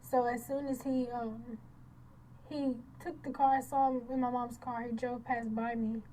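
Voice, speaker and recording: A woman recounting a violent attack in a halting, emotional first-person account, often repeating and restarting, her voice breaking toward tears at times. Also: a little high, level tone, warm tone, slight background noise, rough recording. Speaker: crime victim recounting an attack.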